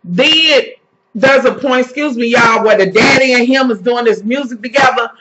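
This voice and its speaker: On a dull lo-fi recording with slight background noise, a female vlogger reviews a TV series episode at a moderate pace. Her voice is on the high side and fairly bright, and her casual recap is indignant, full of profanity, and aimed at "y'all."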